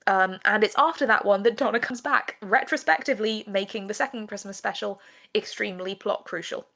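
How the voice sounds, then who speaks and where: A woman's voice: mid-range voice, brisk, creaky, fairly bright tone. A woman co-hosting a podcast, chatting animatedly in a casual review of a TV episode. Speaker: podcast co-host. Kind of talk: casual discursive review chat.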